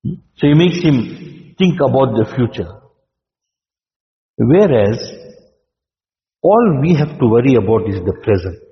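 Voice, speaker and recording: A man's voice: medium pitch, animated. Preacher man in a reverberant hall. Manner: measured, rhetorical questions with frequent "hmm?". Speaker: Islamic preacher. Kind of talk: sermon. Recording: dull lo-fi recording in a reverberant hall.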